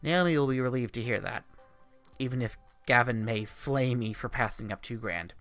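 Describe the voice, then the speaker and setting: A man's voice: medium pitch, moderate pace, fairly bright tone, faint music behind. A man streaming, reading a visual novel aloud with playful, joking asides.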